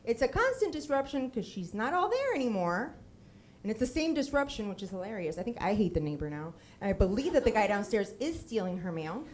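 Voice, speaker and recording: A woman's voice: mid-range voice, very animated, fairly quick, a little mellow, slight background noise. A woman in her thirties from Miami, telling a comic personal story on a theater stage and acting out the voices of the people she quotes.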